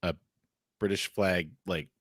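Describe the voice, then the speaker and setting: A man's voice: sits low, steady tone, slow pace, fairly bright tone, dry recording, clean studio sound. A man co-hosting a podcast in casual chat, adding wry, skeptical remarks. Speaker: podcast co-host.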